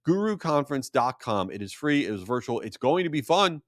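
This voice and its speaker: A man hosting a solo podcast, telling stories in an animated, jokey way with self-deprecating asides. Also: medium pitch, brisk, no echo, studio quality. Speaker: podcast host.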